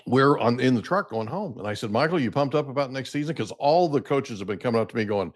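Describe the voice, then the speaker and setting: A man's voice: medium pitch, fast talker, hardly any pauses. Middle-aged guy, podcast host, chatty storyteller doing everyone's lines. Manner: animated storyteller acting out dialogue. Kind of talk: casual conversational storytelling.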